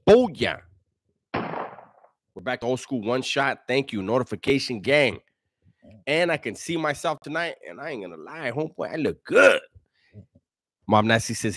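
A man's voice: mid-range voice, fairly bright tone, no echo, clean studio sound. A man hosting a casual live stream, reading viewer comments aloud in a laid-back, slangy way and chuckling often.

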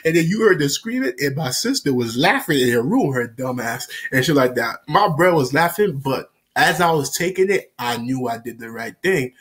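A man vlogger telling a story in a casual, slangy, animated way. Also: medium pitch, moderate pace, hardly any pauses.

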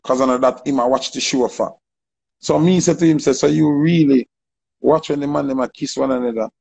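A Jamaican man telling a story in casual, animated patois, acting out the people he quotes. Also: mid-range voice, fairly quick, poor audio. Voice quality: gravelly, husky.

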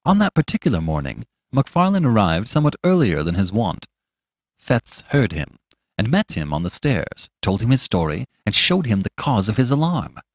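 Low-voiced man narrating a classic tale. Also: big pitch swings, dry recording. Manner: measured, dramatic storytelling. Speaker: audiobook narrator and podcast host.

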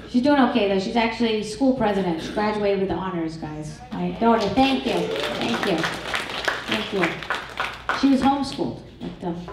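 A middle-aged woman performing a stand-up comedy set, crude and brash with a deadpan, self-mocking delivery. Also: medium pitch. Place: comedy club stage. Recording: echoey club recorded from far off.

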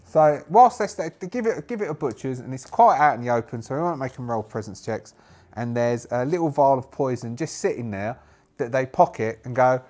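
A man's voice: medium pitch, animated, fairly quick, a little mellow. A man narrating a solo tabletop game, thinking aloud and rambling with many fillers.

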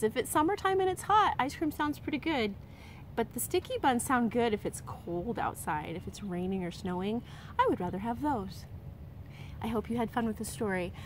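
A teacher reading a picture book aloud to children, gently pausing to ask them questions. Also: female voice, a little high, a little hiss or hum.

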